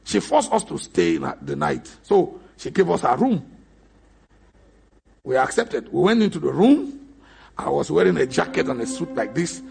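Raspy, gravelly-voiced preacher man. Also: on the high side, wildly swooping pitch, normal speed. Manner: emphatic, storytelling preacher who bursts into shouts. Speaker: pastor. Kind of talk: sermon.

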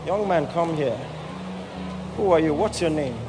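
Emphatic pastor leading an altar call. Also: male voice, fairly high pitch, expressive, measured pace, background noise. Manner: emphatic, repeats "did you hear what I said". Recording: echoey hall with music behind.

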